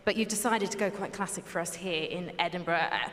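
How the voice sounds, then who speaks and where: A woman's voice: on the low side, fast talker, a bit bright. A woman working as a floor reporter at a live esports event, teasing and chatty as she interviews players. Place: large historic hall at a live event. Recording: echoey hall with long reverb.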